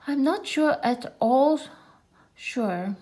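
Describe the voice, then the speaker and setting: Brisk motherly kangaroo, soothing but bossy, woman reading it out, storybook voice. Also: high-pitched, lively intonation, a little mellow, pitched above the performer's own voice, full character voice. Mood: cheerful. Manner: cheerful, soothing, firm. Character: kindly motherly female kangaroo, brisk and firm.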